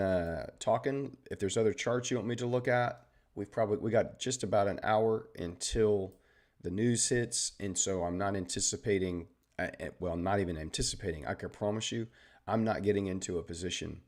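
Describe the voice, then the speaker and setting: A man with a Southern Texan accent, hosting a live trading stream and explaining charts in an easygoing, chatty way while greeting viewers. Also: lowish voice. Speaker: trading livestream host. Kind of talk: casual live trading commentary.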